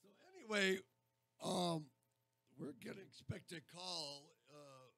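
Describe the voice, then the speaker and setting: A man's voice: sits high, slow pace, gravelly, bright, forceful tone, no echo. A man hosting a radio show, chatting casually in a rambling, jokey way. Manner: rambling, jokey, breaks into silly accents.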